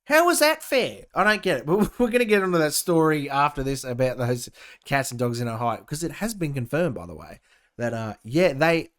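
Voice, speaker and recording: Young aussie guy ranting on his podcast, sarcastic, voice sits kinda high. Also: fairly bright tone. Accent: Australian. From Australia. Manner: ranting, sarcastic, reads news aloud and interjects. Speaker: podcast host. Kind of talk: casual opinion podcast.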